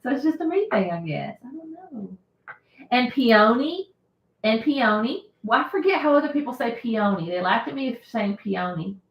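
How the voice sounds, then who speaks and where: A woman's voice: on the high side, sing-song, fairly quick, vocal fry, few pauses, lo-fi sound. A woman hosting a casual live stream, chatting and laughing often as she answers viewer comments. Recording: roomy echo.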